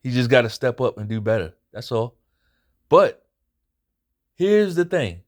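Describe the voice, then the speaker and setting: A man's voice: mid-range voice, sing-song, measured pace. A man hosting his own boxing commentary channel, giving a casual fight recap. He talks bluntly and swears often, and he repeats his points for emphasis.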